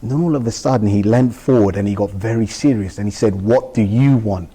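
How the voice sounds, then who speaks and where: A man's voice: lowish voice, quick pace, mellow, big-room sound. A man, a guest in an interview, recounting a personal experience and acting out the dialogue as he goes. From United Kingdom. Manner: vivid retelling that acts out dialogue. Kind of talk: emotional personal storytelling.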